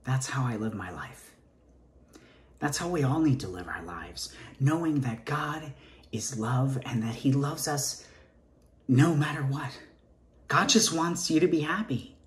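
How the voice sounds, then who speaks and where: A man's voice: fairly high pitch, lively intonation, moderate pace, reverberant, natural voice. An actor playing a nervous gay man interviewing for a teaching job, rambling and stammering in a Southern accent, sometimes dropping to a whisper. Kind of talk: comic stage monologue.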